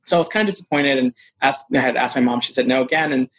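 A lively man tells personal stories as an interview guest. His voice sits at an ordinary middle pitch. He talks with energy and laughs often. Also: quick pace, rough recording. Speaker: actor guest. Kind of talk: casual storytelling interview.

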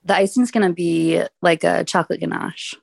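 A woman calling in to a comedy game show, chatting casually and laughing softly. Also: lowish voice, moderate pace, vocal fry, no echo. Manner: relaxed, laughs softly between answers. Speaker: caller. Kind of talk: casual phone chat.

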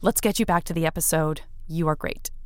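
A woman's voice: low voice, a little fast, a little mellow, dry recording, faint music behind. A woman hosting a podcast, talking casually and earnestly, close to tears as she thanks listeners. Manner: earnest, gets emotional, chatty. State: tearful. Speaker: podcast host. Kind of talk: casual interview and member appeal.

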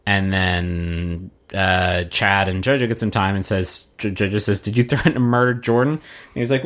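A man's voice: low-pitched, steady tone, moderate pace, fairly bright tone. A man co-hosting a podcast, recapping a show in casual chat with a wry, sardonic manner and casual swearing. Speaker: podcast co-host.

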